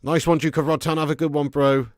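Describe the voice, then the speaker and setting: A man from England hosting a live football watch-along, chatting casually and reading viewer comments, with sudden excited bursts. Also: a little high, quick pace, dry recording, clean studio sound. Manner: chatty, laddish, swings from mumbling to excited bursts.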